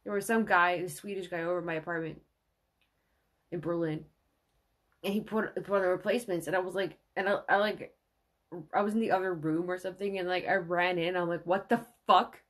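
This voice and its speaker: A woman's voice: lowish voice, fairly even intonation, a little fast, long pauses. A woman in her thirties hosting a casual livestream, rambling and swearing, with many fillers. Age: 30s. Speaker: livestream host.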